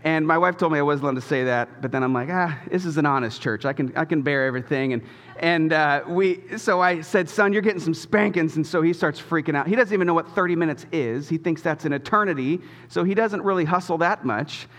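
Pastor with a slightly high voice, echoing hall. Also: male voice, fairly quick. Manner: casual storytelling, animated, self-deprecating. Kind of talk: sermon. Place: church auditorium. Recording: long reverb of a church hall.

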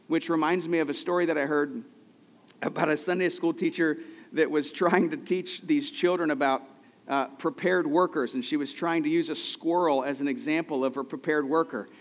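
A man preaching a sermon with a conversational, storytelling delivery, slowing down to stress key words. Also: a little high, in a large hall. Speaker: pastor.

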